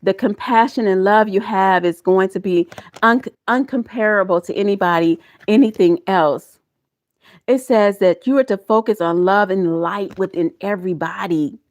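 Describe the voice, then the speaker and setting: A woman's voice: mid-range voice, moderate pace. Emotional, folksy middle-aged woman tarot reader. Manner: emotional, laughing, folksy and preachy, talks to viewers as y'all. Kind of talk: live tarot reading.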